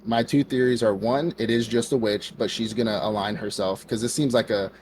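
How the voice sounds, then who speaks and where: A man's voice: lowish voice, steady tone, fairly quick, darkish tone, a little hiss or hum. A man co-hosting a podcast, recapping an anime episode in a rambling, casual way and acting out the characters' lines with lots of "like" and "bro". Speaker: podcast co-host.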